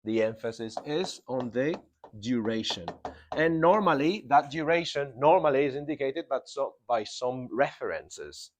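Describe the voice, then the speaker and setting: A man's voice: medium pitch, expressive, measured pace. A man teaching a grammar lesson to a class in a classroom. He stresses and repeats key words and keeps checking in with the students. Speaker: English teacher.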